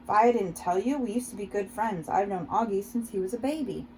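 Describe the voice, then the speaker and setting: A woman's voice: mid-range voice, a little fast, a little mellow, slight background noise, close to an everyday voice, low-quality recording. A woman reading an audiobook voices a teenage girl who talks in a casual, offhand way. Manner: offhand, chatty. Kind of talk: audiobook character voice.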